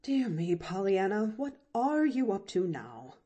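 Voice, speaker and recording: A woman's voice: medium pitch, very animated, unhurried, warm tone. A woman reading an audiobook, voicing a stern, impatient older aunt who speaks in a cold, clipped way.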